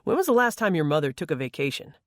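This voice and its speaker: Firm, fatherly middle-aged man, deep baritone, read by the narrator. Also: very animated, fast talker, no room sound, clean studio sound.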